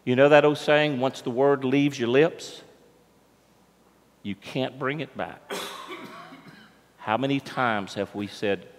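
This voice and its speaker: A man's voice: medium pitch, takes it slowly, pauses often. A man preaching a sermon as pastor, telling the story conversationally and putting questions to the congregation. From United States. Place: church sanctuary. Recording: long church reverb.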